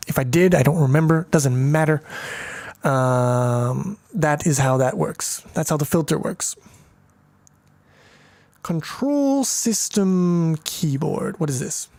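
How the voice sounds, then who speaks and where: A programming tutor gives a casual screencast code walkthrough, thinking aloud with lots of fillers, swearing and crude jokes along the way. His voice is slightly high and a little mellow, at normal speed, recorded with no echo.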